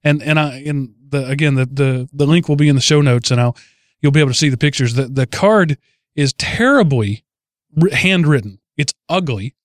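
A man's voice: medium pitch, moderate pace, dry recording, clean studio sound. A man hosting a casual podcast chat, telling a news story with amused chuckles. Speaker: podcast host.

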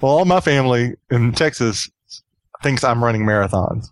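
A man's voice: medium pitch, animated, normal speed, no room sound. A man hosting a podcast in easy casual chat. He often repeats himself and laughs along as he talks. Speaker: podcast host.

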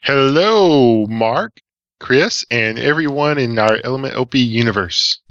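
A man co-hosts a casual podcast, teasing the host with wry remarks. His voice is bright and forward, and the sound is dry. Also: mid-range voice, animated, unhurried, no echo, muffled recording.

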